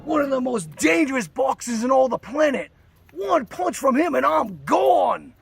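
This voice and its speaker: An excitable, clumsy wildlife-show host with an Australian accent, calling out and shrieking, as a man puts him on. His voice sits very high with a gravelly edge and leaps all over the place. Music plays clearly beneath the comedy sketch. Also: moderate pace, heavily acted. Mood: gung-ho. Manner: exclamatory, shrieks in panic.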